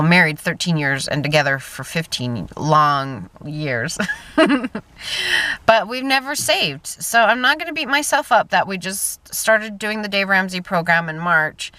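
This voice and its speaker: A woman in her thirties talks straight to her viewers in a casual vlog, chatty and openly emotional, often trailing off and starting her thought over. Her voice is bright and crisp, sitting a little low. The sound is close and dry. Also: no room sound. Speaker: vlogger.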